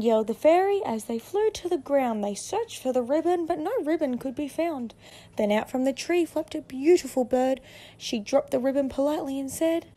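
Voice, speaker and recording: A woman reading a picture book aloud, with expressive storytelling. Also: high-pitched, moderate pace. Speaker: narrator.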